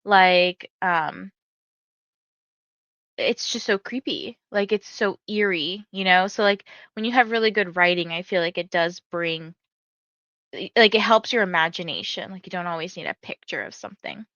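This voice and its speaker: A woman's voice: on the low side, expressive, moderate pace, a bit bright, no room sound, muffled recording. A woman hosting a reading livestream, chatting casually and rambling with lots of "like", a little tired, and reading viewer comments aloud. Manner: chatty and rambling, heavy use of "like". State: tired and yawning. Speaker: readathon livestream host.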